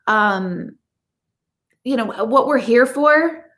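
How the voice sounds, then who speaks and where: A woman's voice: a little high, lively intonation, slow pace, a bit bright. A middle-aged woman and intuitive coach, chatting casually and candidly to her viewers in a blunt, talkative way. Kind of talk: casual live chat to viewers.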